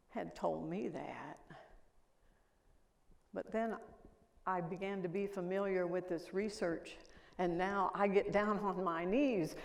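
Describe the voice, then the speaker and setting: A gravelly, mid-range voice belongs to an older woman giving a conference keynote. She tells stories and asks questions of the audience, recorded in an echoey lecture hall.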